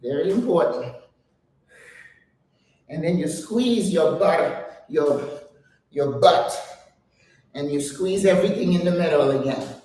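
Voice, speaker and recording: A woman's voice: sits low, lively intonation, slow pace, pauses often, mellow, a little hiss or hum. An older woman leading a home exercise routine, chatting, coaching and counting reps aloud while out of breath. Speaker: exercise vlogger. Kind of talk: guided home workout chat. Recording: very echoey room, voice from a distance.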